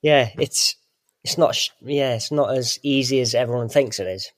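A man's voice: medium pitch, normal speed. A Welsh man in his thirties, a guest on a podcast, chatting casually and laughing often. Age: 30s. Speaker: guest, fin maker. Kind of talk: casual chat.

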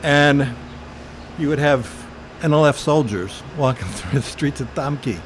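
An older man recalls his past slowly and earnestly, pausing often and filling gaps with small hesitations. His voice sits at an ordinary middle pitch. A faint hiss of noise sits behind it. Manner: earnest, reflective storytelling with frequent pauses and fillers. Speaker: interviewee. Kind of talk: oral history interview.

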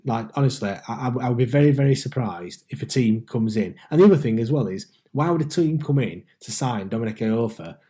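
A man talks football in a mellow, darker voice at a middling pitch. He hesitates often and repeats words as he works toward his point. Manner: hesitant, stammering restarts, agreeable. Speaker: podcast co-host. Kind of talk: casual football chat.

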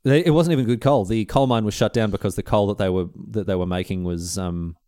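A man co-hosting a casual podcast chat, telling stories with animated jokes. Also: fairly low pitch, fast talker, dry recording, studio quality. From Australia. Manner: animated storyteller, breaks into joking voices. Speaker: podcast co-host.

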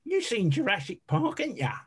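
A man voicing a blunt, cheeky woman producer from Essex with an Essex accent, pitching his voice up. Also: huge pitch swings, normal speed, fairly bright tone, breathy edge, heavily acted. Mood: blunt teasing.

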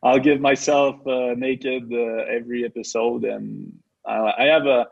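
Podcast co-host, man from Quebec, slow unhurried delivery, slightly muffled sound. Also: mid-range voice, fairly even intonation, vocal fry. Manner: slow, reflective, many pauses and fillers. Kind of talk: casual chat.

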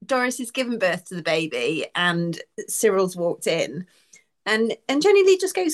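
A woman co-hosting a podcast in casual chat, animated and acting out characters' lines. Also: lowish voice, moderate pace. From Britain. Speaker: podcast co-host.

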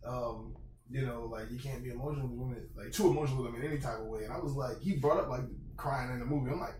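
Animated fast-talking man on a podcast. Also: mid-range voice, recorded from a distance. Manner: animated storytelling, acts out quotes, laughs often. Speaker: podcast co-host. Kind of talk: casual podcast chat. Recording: echoey room, off-mic, faint noise.

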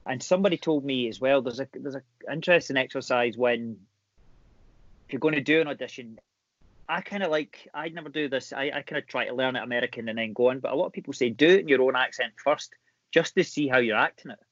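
Animated Scottish man, dry sound. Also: medium pitch, quick pace, no echo, lo-fi sound. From Scotland. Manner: animated storyteller, laughs easily. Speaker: actor guest. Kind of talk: casual chat.

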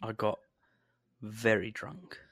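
A man's voice: on the low side, completely flat delivery, slow pace, a bit bright, no room sound. Male podcast co-host, laid-back banter, laughs a lot, dry close sound; casual chat. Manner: jokey, laughs often, drawling asides. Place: home recording space.

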